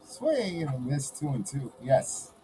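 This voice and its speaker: A man with a New York accent calls a ballgame in a loose, easygoing way and chuckles between pitches. His voice is mellow and warm. Faint background noise sits under it. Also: sing-song, unhurried, low-quality recording. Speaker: watch-along host. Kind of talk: casual play-by-play commentary.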